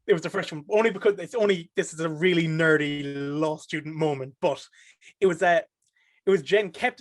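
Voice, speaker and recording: A man with an Irish accent, chatting on a podcast in an animated, talkative way. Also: on the high side, no echo, clean studio sound. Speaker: podcast guest. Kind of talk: casual podcast chat.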